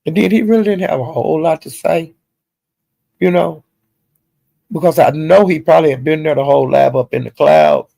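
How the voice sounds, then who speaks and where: Male channel host, gravelly husky voice, slightly high, AAVE, gossipy recap. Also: moderate pace, pauses often, no echo. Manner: gossipy, animated retelling with slang and profanity. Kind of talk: casual recap of online drama.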